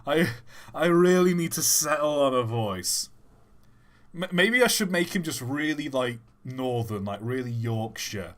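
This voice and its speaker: This male streamer has a mid-range voice with lively intonation and talks a little slowly. Casually commenting on his gameplay during a livestream, he's chatty and self-deprecating, playing around with silly voices.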